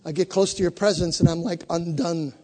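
A man's voice: on the high side, fairly even intonation, fairly quick, dark tone. A man preaching a sermon as pastor, fervent and leading the congregation in call and response. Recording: long hall reverb.

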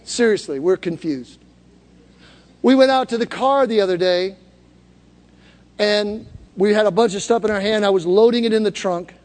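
A man's voice: sits high, moderate pace, pauses often, a little mellow, in a large hall. A man preaching to a congregation, telling a story conversationally and building to calls for them to repeat after him. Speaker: pastor. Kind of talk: sermon. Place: church hall before a congregation.

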